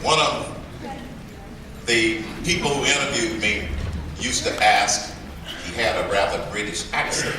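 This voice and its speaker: A man giving a commencement address in a large hall, deliberate and emphatic with dramatic pauses and playful phrases. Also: mid-range voice, animated, background noise. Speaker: commencement speaker. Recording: echoey hall from far off.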